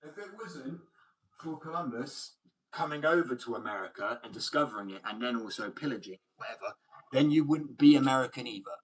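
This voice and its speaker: A man's voice: mid-range voice, expressive, fairly quick, husky, rough recording. A man from Germany, a skateboard artist, ranting back at viewer comments in a combative, mocking and blunt way.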